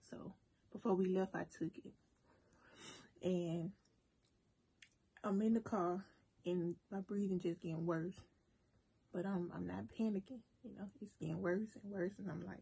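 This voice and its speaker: A woman vlogger telling a story casually to her viewers, animated and talking straight to them. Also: mid-range voice, normal speed, gravelly, pauses often, slightly rough. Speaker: cooking and mukbang vlogger. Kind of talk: casual storytime while eating.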